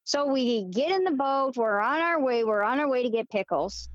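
A woman guest telling a personal story in a casual, animated way, laughing often and restarting with fillers. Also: sits high, moderate pace, no room sound. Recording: dull lo-fi dry recording.

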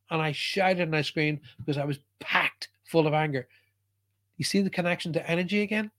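A man's voice: a little high, fairly quick, fairly bright tone. A man, a psychic medium answering a listener's question and telling a personal story in an earnest, emphatic way, often restarting his sentences. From Ireland.

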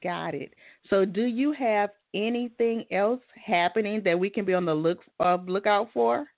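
A woman's voice: medium pitch, normal speed, no echo. Woman host, dry phone-like sound. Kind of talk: casual interview hosting.

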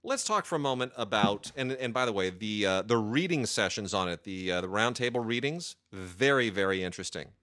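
Chatty man with a lowish voice. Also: animated, bright, forceful tone. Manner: chatty, rambling, with many filler pauses. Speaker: home video reviewer. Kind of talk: casual chat.

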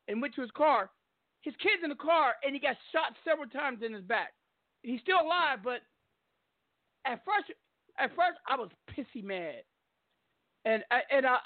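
A man hosting a talk radio show, telling a story in a blunt, animated way with plenty of swearing. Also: extremely high pitch, no room sound. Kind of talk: casual talk radio monologue. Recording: phone-like call-in line.

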